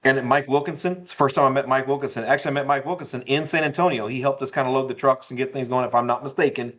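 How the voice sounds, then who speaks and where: A mid-pitched man tells a personal story as a podcast guest. He gets excited and repeats phrases, pushing the tale along. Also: racing, dull audio. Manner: animated, repetitive storyteller. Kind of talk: casual storytelling interview.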